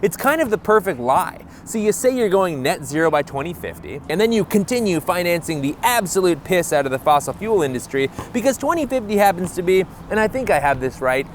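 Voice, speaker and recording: A man's voice: sits high, big pitch swings, fairly quick, few pauses, slight background noise. A man hosting a comedic explainer video, delivering narration with sarcastic, jokey, mock-indignant asides. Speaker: host.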